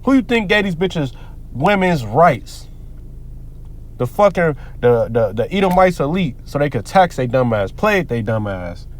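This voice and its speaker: A man's voice: on the high side, sing-song, measured pace, slight background noise. A man giving heated, profane, preacher-like commentary on the news, quoting scripture between rants. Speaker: commentary vlogger.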